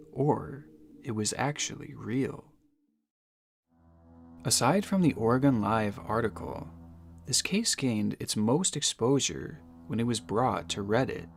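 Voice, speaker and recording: A man giving scripted, suspenseful mystery narration, measured and slowing down for dramatic phrases. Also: medium pitch, vocal fry. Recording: narration over music.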